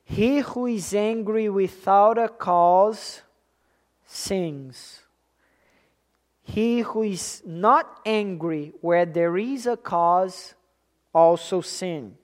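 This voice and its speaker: A preacher delivering a sermon, deliberate and emphatic, repeating key phrases and swinging between loud stresses and quiet asides. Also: medium pitch.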